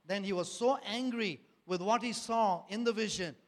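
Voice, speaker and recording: High-voiced man testifying in an echoing hall. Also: moderate pace. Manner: earnest, repeating phrases and rhetorical questions. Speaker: speaker giving a personal testimony. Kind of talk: church testimony talk. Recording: long hall reverb.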